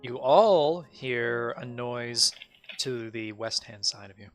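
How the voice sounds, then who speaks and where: A man's voice: mid-range voice, takes it slowly, faint music behind. A man narrating as game master in a tabletop game, casual and rambling, with many fillers.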